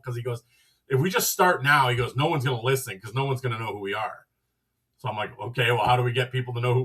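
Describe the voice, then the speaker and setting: Husky man telling a rambling story. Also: mid-range voice, sharp tone, distant mic. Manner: rambling, acts out quoted dialogue with "I'm like". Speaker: podcast host. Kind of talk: casual storytelling.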